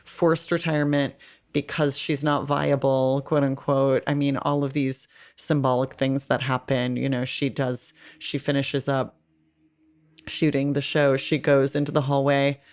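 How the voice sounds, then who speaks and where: A woman's voice: a bass voice, little pitch movement, a little slow, darkish tone. A woman guest on a podcast, talking through a film in an articulate, analytical way with frequent restarts. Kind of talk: casual film discussion.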